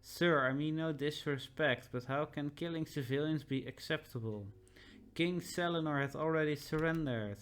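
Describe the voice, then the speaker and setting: A man's voice: fairly high pitch, normal speed, fairly bright tone, lightly acted. A man voicing a disillusioned young soldier in a video game, speaking in a weary, troubled way.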